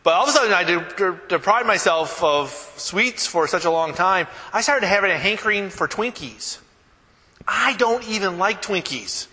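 High, bright-voiced man preaching in a hall. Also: lively intonation, normal speed. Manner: conversational, anecdotal, self-deprecating with many fillers and restarts. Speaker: pastor. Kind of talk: sermon. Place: church.

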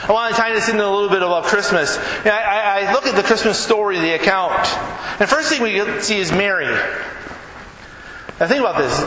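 A man's voice: high-pitched, sharp tone. Man, pastor, sermon, storytelling, plays both voices in dialogue, long reverb, audible room noise. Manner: conversational storytelling, acting out both sides of a dialogue. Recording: echoey hall with background noise.

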